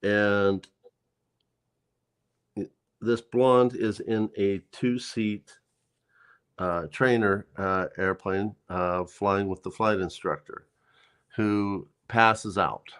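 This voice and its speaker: A man co-hosting a casual livestream, telling a joke in a halting way with many fillers and repeats. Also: on the low side, steady tone, a bit bright, smooth. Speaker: co-host of a livestream chat. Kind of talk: casual chat, telling jokes.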